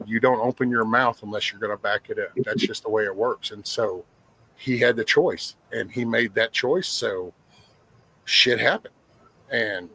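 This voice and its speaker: A man's voice: mid-range voice, bright, forceful tone, rough recording. A middle-aged man, telling blunt, profane stories in casual podcast talk. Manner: rough-spoken, profane, plainspoken. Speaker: guest sharing life stories.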